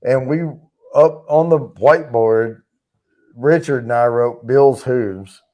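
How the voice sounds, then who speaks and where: A man hosts a casual livestream and talks into a wireless clip-on mic. He tells long stories full of "uh" and restarts. His pitch sits in the middle range for a man. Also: slow pace, mellow. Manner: rambling, profane storytelling with many fillers. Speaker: livestream host. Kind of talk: casual chat. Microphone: wireless lapel transmitter.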